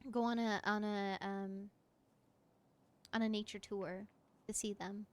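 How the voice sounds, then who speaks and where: A woman streaming from her room, chatting casually while she plays, gushing and excitable with frequent laughter. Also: mid-range voice, unhurried, clean tone. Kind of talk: casual live-stream chat while playing.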